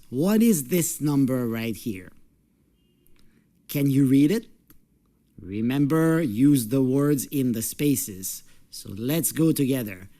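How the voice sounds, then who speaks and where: An English teacher presenting a recorded video lesson, encouraging the viewer with questions and stressing syllables deliberately. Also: mid-range voice, warm tone.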